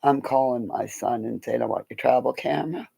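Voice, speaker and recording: A woman's voice: extremely low pitch, a little fast, creaky, slightly rough, low-quality recording. A middle-aged woman chatting on a livestream, telling rambling stories about animals with lots of laughter and swearing. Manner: excitable, laughing, swearing, jumping between stories. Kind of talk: casual storytelling on a livestream.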